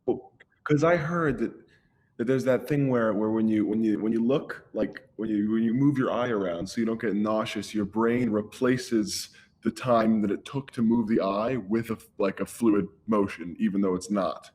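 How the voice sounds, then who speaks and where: A man's voice: lowish voice, normal speed, darkish tone. A man playing a tabletop game in character, rambling and stumbling over his words as he jokes. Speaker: player.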